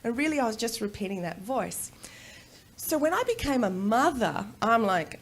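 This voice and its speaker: A middle-aged Australian woman giving a personal storytelling talk at a conference, animated and quick to laugh. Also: on the high side. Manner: animated, laughs often, acts out voices in quotes. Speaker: conference speaker. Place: conference room.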